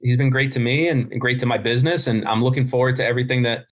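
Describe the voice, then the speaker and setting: A man's voice: mid-range voice, steady tone, quick pace. A middle-aged man, a podcast guest and business founder, telling stories bluntly in casual interview talk and swearing freely.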